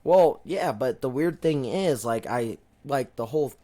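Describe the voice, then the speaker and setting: A man's voice: medium pitch, lively intonation, a little slow, dark tone. A young man co-hosting a casual podcast, telling a long story in a rambling way, swearing often and acting out what people said. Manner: rambling storyteller, swears a lot, acts out quotes. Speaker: podcast co-host. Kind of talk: casual chat.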